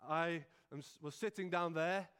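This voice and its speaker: Earnest, nervous male preacher, high, clear voice. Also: steady tone, unhurried, fairly bright tone. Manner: earnest, self-effacing, with frequent restarts. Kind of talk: sermon. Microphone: stand mic.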